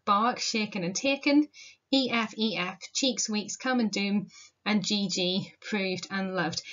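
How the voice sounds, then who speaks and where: A woman's voice: fairly high pitch, fairly bright tone, lo-fi sound. A woman teacher explaining a poem in a recorded lesson, posing questions to her students as she goes. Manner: explanatory, asks rhetorical questions, casual fillers. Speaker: literature teacher.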